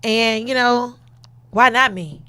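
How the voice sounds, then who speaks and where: A woman's voice: a little high, slow pace, pushed and bright, smooth, dry recording. A woman hosting a podcast, talking casually and emphatically, repeating phrases for effect. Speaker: podcast host.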